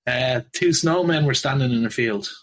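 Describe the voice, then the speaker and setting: A man's voice: mid-range voice, normal speed, low-quality recording. A man telling jokes on a podcast, laughing at his own punchlines. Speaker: podcast co-host. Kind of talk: casual joke telling.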